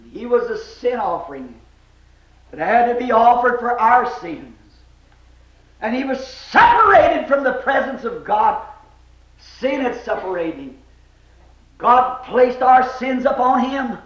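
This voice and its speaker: A man preaches a fervent revival sermon in a very high voice, drawing his words out slowly. He swings between shouted cries and hushed, low lines. The recording is echoey and dull, like an old tape of a church service.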